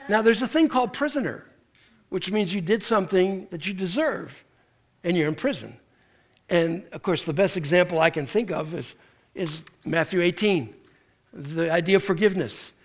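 A man's voice: high voice, moderate pace. A man preaching a sermon, telling stories animatedly and acting out the people in them, with frequent restarts. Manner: animated storytelling with acted quotes and restarts. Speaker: pastor.

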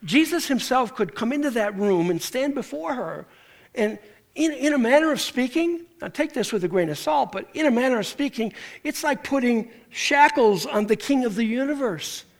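A man's voice: extremely high pitch, normal speed. A man preaching a sermon, telling stories animatedly and acting out the people in them, with frequent restarts. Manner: animated storytelling with acted quotes and restarts. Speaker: pastor.

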